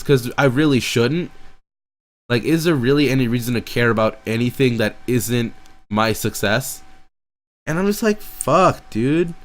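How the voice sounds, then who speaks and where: A teenage guy rants alone to his audience in a rambling, frustrated monologue. He swears constantly and keeps circling back over the same questions. His pitch sits in the middle range for a young man. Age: teens. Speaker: streamer. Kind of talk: venting monologue.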